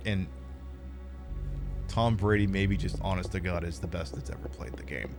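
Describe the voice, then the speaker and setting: A man's voice: sits low, music in the background. A man hosting a live stream, chatting casually and rambling while he plays a game. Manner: rambling, animated, drops into quick impressions. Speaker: streamer host.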